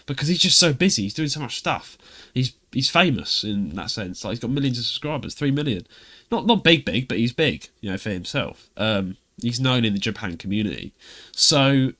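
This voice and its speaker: A man's voice: medium pitch, expressive, normal speed, bright, forceful tone. A young British man hosting a casual podcast chat, rambling and laughing often as he tells stories. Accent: British English. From Britain. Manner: chatty, rambling, laughs often, puts on voices when quoting others. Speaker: podcast host.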